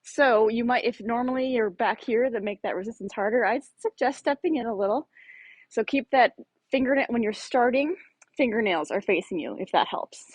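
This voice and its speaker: A woman in her thirties explains each exercise as she demonstrates it, chatty and full of fillers. She is slightly out of breath. Her voice sits on the high side, close to the mic and dry. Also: lively intonation, moderate pace, no room sound. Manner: casual, explanatory, many fillers. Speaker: fitness instructor.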